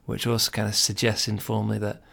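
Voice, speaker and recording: A man with a low, gravelly voice hosts a podcast, talking straight to his listeners. His advice comes across earnest and encouraging. At times he softens his tone to show how gentle phrasing sounds. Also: completely flat delivery, quick pace. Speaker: podcast host. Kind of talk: casual advice monologue.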